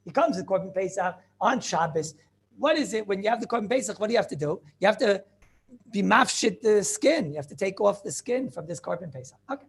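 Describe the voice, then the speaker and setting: A male rabbi gives an animated Talmud lesson in a classroom, firing off rhetorical questions and joking asides to his students. His voice has a gravelly edge and a husky grain. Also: high voice, fairly quick.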